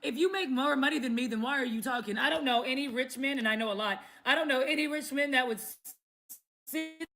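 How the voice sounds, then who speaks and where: A woman content creator venting defiantly in a casual monologue, sharp-tongued and laughing often. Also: high voice, fairly quick.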